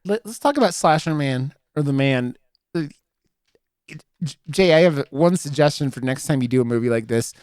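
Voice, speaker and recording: Smooth-voiced man rambling through a movie review. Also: medium pitch, animated, normal speed, darkish tone, dry recording, studio quality. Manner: rambling, full of fillers and restarts. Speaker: podcast co-host. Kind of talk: casual movie review chat.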